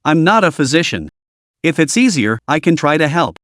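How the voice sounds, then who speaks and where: A man voicing a calm young male cultivator who heals, in plain level speech. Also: fairly high pitch, moderate pace, no echo, clean studio sound.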